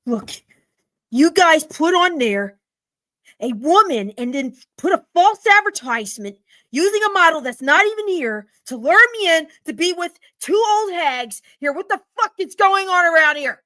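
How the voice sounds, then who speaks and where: A woman's voice: sits high, moderate pace, long pauses, sharp tone, dry recording. A woman voicing an angry, frustrated middle-aged male customer who rants and stammers in indignation. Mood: ranting. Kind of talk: storytelling role-play.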